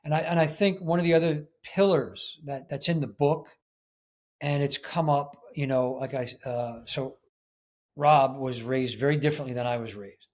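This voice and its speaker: A man in a casual interview speaks earnestly and with emphasis, his voice sitting at an ordinary middle pitch. He presses his points home as he talks about what he believes. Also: moderate pace, a little mellow. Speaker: podcast guest.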